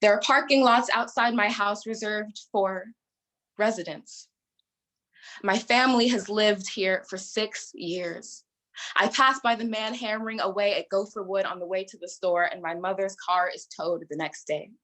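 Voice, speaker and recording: A teenage girl performing spoken-word poetry in a youth slam, with a slow, deliberate delivery. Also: mid-range voice, steady tone, a bit bright, poor audio. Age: teens.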